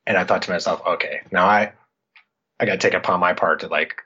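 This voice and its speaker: A man's voice: deep voice, quick pace, breathy edge. A middle-aged man from Iowa, a podcast guest, telling a story in casual chat and acting out what he said back then. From Iowa, United States. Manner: animated, acts out his own past lines. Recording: dull lo-fi audio.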